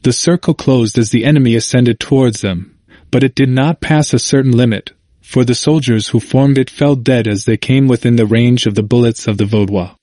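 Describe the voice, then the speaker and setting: A man narrating a history audiobook in a measured, formal manner. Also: mid-range voice, steady tone, warm tone, dry recording, clean studio sound.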